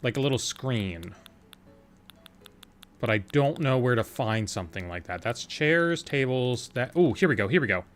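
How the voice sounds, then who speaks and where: A man streaming a game, talking through each step in a loose, playful way as he decides what to do next. His voice sits at an ordinary middle pitch, with faint game music behind him. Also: expressive, moderate pace. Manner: thinking aloud, chatty and playful, answering chat. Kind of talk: casual gameplay commentary.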